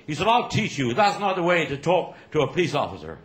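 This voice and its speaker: A man telling crude stand-up jokes with lively delivery and laughter. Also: a little high, fast. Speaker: stand-up comedian. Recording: roomy echo.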